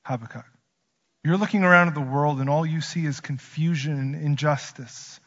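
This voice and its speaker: A male pastor preaching a sermon, swinging from quiet slow emphasis to loud, urgent rises. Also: fairly high pitch. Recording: dull audio with long hall reverb.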